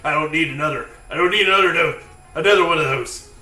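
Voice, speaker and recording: A man voicing a gruff dragonborn man who loudly insists he doesn't need a shot. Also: on the high side, fast. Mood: nervously laughing. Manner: loud, laughing denials. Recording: echoey, distant mic.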